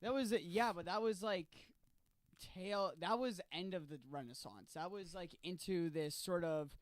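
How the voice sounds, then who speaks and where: A man's voice: high voice, measured pace, dry recording. A man co-hosting a podcast in casual chat, laid-back and enthusiastic. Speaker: podcast co-host.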